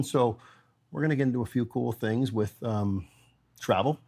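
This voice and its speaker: A man who runs a company, talking as a podcast guest in a lively, storytelling way. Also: medium pitch, moderate pace, breathy edge. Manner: energetic storyteller, acts out quoted dialogue. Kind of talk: casual interview storytelling.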